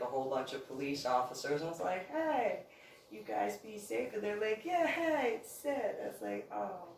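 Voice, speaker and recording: A woman rambles through personal anecdotes in a casual monologue, laughing often and slipping into the voices of people she quotes. She sits back from the microphone in a room with noticeable echo. A faint hum of ambient noise sits underneath. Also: low-pitched. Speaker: channel host. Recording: roomy echo, distant from mic, faint background noise.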